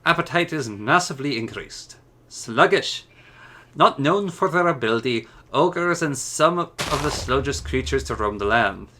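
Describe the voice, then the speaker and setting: Gruff ogre-lore narrator, a man doing it in a put-on Scottish accent, hammy and bright. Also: medium pitch, lively intonation, measured pace, a little hiss or hum. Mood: declaiming. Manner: declaiming, hammy reading.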